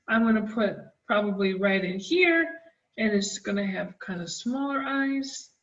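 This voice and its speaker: Slow-talking art teacher woman, roomy sound. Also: medium pitch, animated, recorded from a distance. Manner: gentle, encouraging, talks while drawing. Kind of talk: drawing demonstration for children. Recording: dull, roomy, from the mic.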